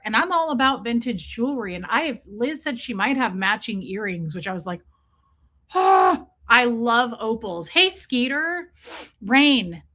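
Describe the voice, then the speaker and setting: A woman's voice: on the high side, pushed and bright. A woman chatting casually on a livestream, gushing over jewelry and greeting viewers by name. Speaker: livestream host.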